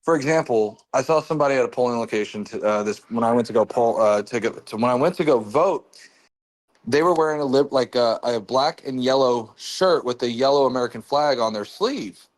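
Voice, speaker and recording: A man hosting a casual political chat, talking in an animated way and jumping up in pitch when he jokes. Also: a little fast. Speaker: host.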